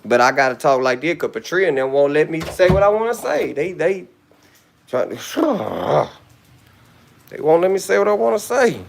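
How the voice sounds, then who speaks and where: A man speaking rants on a live stream. His voice sits high for a man and carries a gravelly rasp. He rambles, hurls insults and keeps circling back to the same complaints. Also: very animated, moderate pace, a little hiss or hum. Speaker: livestream host. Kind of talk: profane rant on a live stream.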